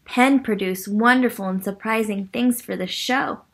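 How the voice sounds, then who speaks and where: A woman reading a picture book aloud to children, gently stopping to ask them questions. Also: medium pitch, normal speed, creaky, a little hiss or hum. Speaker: children's story reader. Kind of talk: read-aloud storytime for children.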